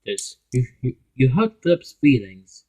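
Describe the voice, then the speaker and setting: Man doing stern scolding engine for a fan story; husky, mid-pitched, lecturing and stumbling. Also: big pitch swings, measured pace, darkish tone, rough recording. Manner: lecturing, stumbling over words.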